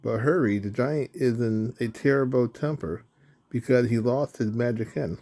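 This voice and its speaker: A man voicing a giant's anxious wife in a storybook reading, giving hurried warnings. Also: medium pitch, a little hiss or hum, close to an everyday voice. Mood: urgent. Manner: urgent, hushed warnings.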